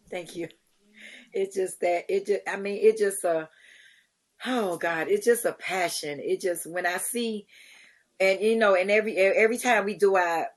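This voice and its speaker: A middle-aged woman, a charity founder, telling lively stories in a podcast interview, acting out what others said and laughing often. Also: medium pitch, normal speed. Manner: animated storyteller, acts out quotes, laughs often. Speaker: guest, community charity founder.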